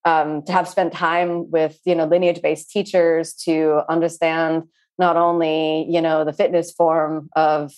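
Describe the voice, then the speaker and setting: A woman yoga teacher speaking in an interview, earnest and searching, with frequent pauses and restarts. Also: sits low, level tone, darkish tone, smooth. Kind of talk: reflective interview talk.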